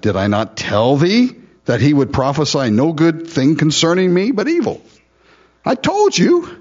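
Husky pastor with a lively delivery. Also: male voice, fairly low pitch, dull audio. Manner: laughs often, acts out Bible figures sarcastically. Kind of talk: sermon, verse-by-verse Bible teaching.

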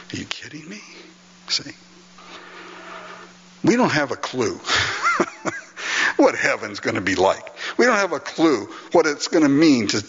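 A man's voice: a little high, sharp tone, breathy edge, big-room sound, dull audio. A male pastor preaching an earnest, emphatic sermon, often breaking into laughter.

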